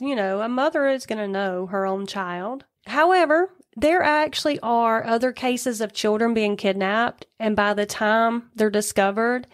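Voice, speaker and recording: A woman co-hosting a podcast, retelling a true-crime case in a chatty way with asides. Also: medium pitch. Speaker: podcast co-host.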